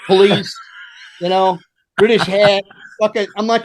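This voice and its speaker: Profane storytelling man, higher voice. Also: unhurried. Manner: animated, profane anecdotes. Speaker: veteran rock roadie guest. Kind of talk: casual storytelling chat.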